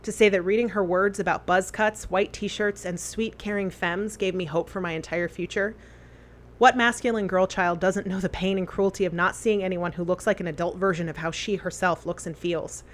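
A woman earnestly reading a memorial letter aloud, with deliberate phrasing. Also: on the low side, fairly even intonation.

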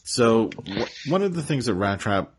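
A man's voice: lowish voice, sing-song, normal speed, slightly rough. A male podcast host recapping a cartoon episode in a laid-back, rambling way.

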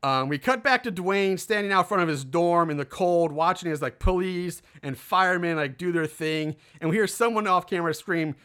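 His high, clean voice sounds pushed and bright as he talks at normal speed with few pauses. He's a podcast co-host casually summarizing a film, rambling with fillers and acting out quotes.

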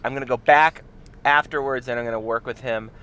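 A man co-hosting a podcast, calling in while out, exasperated and trying to slow the others down. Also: mid-range voice, steady tone, fairly bright tone, clean tone, low-quality recording. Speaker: podcast co-host. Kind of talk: casual chat.

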